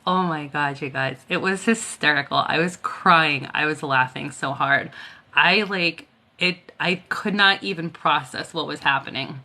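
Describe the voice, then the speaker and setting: A woman's voice: deep voice, measured pace, sharp tone. A tired woman chatting casually on a live stream, telling stories and laughing often. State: tired, worn out. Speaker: Reiki healer hosting a live stream.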